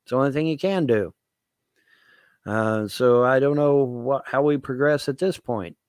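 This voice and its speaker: A man's voice: medium pitch, normal speed, darkish tone, clean tone, no room sound. A man ranting to his viewers as a vlogger, swearing, repeating himself and asking rhetorical questions. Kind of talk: rambling political rant to camera.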